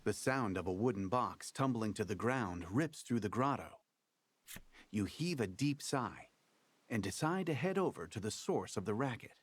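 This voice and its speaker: A lively storybook game narrator. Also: male voice, fairly low pitch, moderate pace, husky. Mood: storytelling. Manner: theatrical, storytelling game-master delivery. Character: wry male game master narrating a card tale. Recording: game audio with faint music underneath.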